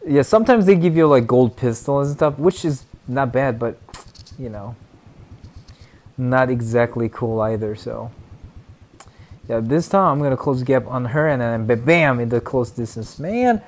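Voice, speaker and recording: Excitable young man streaming gameplay. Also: mid-range voice, unhurried. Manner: excitable, chatty, swings between mumbling and loud outbursts. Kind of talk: live gameplay commentary.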